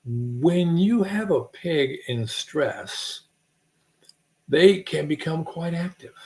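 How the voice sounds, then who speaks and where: A man from the United States telling rambling, animated stories in a folksy way, chuckling at his own tales. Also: a little high, takes it slowly. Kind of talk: casual rambling anecdote. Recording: roomy echo.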